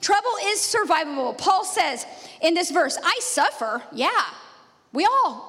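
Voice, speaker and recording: Female pastor, 30s, bright high voice, animated storytelling sermon, church reverb. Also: unhurried. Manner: lively storyteller with frequent laughs. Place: church sanctuary. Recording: long reverb of a church hall.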